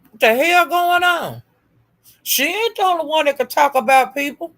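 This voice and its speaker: A woman's voice: high-pitched, lively intonation, normal speed, a bit bright. Profane trash-talking woman streamer. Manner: profane, taunting, repetitive insults; calls out to chat viewers by name. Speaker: livestream host.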